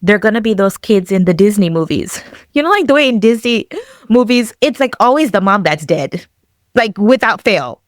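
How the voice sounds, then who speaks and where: A woman of middle pitch tells a hard personal story with emotion. She lively acts out each exchange of dialogue. The recording is close and dry. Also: moderate pace, no echo. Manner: animated, acts out dialogue in quotes. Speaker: podcast guest.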